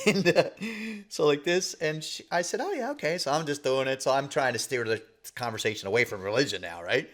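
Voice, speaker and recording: A man's voice: medium pitch, brisk, hardly any pauses. A man, co-hosting a casual podcast and telling stories with quoted voices and frequent laughs. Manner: animated storyteller, acts out quoted voices; laughs often. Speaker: podcast co-host. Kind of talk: casual storytelling chat.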